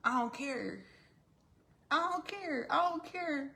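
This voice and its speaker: A woman's voice: on the high side, fairly even intonation, a little fast, gravelly, pitched above the performer's own voice. A woman playing a sassy, defiant young heroine. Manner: defiant, rising to shrieks. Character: sassy young woman defending her family.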